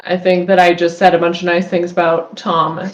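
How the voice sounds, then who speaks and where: A woman's voice: on the low side, completely flat delivery, brisk, slight background noise. A woman guest on a comedy talk show, chatting casually and hesitantly. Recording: echoey room.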